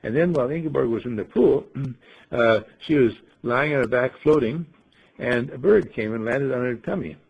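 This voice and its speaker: A man telling a rambling story to a group, playful and musing, often clearing his throat. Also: mid-range voice, moderate pace, lo-fi sound. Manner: playful, acts out voices in quotes, frequent throat clearing.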